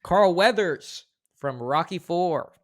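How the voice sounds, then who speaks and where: Playful, animated male quizmaster. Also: sits high, slow pace. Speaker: podcast co-host running a movie quote quiz. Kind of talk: casual podcast chat.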